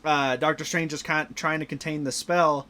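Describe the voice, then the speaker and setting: A young man recaps a film for his podcast, piling scene on scene and jumping into the characters' lines. His voice sits a little high and he swears freely as he gets worked up. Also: moderate pace. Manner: excited retelling of scenes, swears, acts out lines. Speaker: podcast host. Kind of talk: casual movie review chat.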